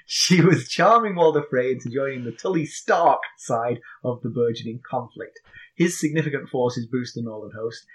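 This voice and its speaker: A man's voice: medium pitch, husky. A man with an English accent co-hosting a podcast, teasing drily and recapping a book. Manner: dry, teasing humor. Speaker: podcast co-host. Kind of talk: casual chat and book recap.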